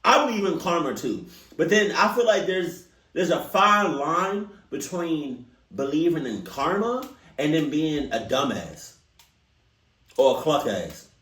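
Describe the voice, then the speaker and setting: A man's voice: on the high side, big pitch swings, measured pace, fairly bright tone, far from the mic. A man hosting a reaction video, talking casually in slangy, joking rants. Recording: roomy sound, away from the mic.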